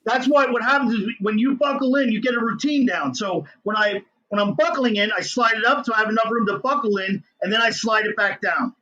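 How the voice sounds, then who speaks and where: A middle-aged man, an inventor telling his story as an interview guest in an excitable, hyper way. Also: high-pitched, a little fast, few pauses, lo-fi sound.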